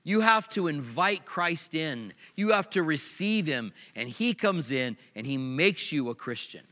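A pastor preaching a sermon, animated, with sharp swings in pitch and loudness. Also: male voice, a little slow, in a large hall.

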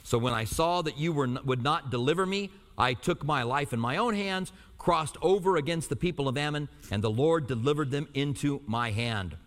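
A pastor from Albuquerque teaching verse by verse, reading scripture slowly and then explaining it in a conversational way with light jokes. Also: male voice, a little high, animated, a bit bright. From Albuquerque, New Mexico. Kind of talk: verse-by-verse sermon. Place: church in Tucson. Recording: hall reverb.

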